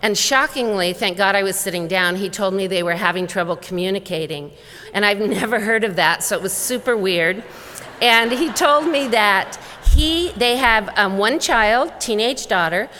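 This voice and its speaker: A middle-aged woman giving a conference talk as a wellness educator, a lively storyteller who acts out dialogue. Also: medium pitch. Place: large conference hall. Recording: long reverb of a large hall.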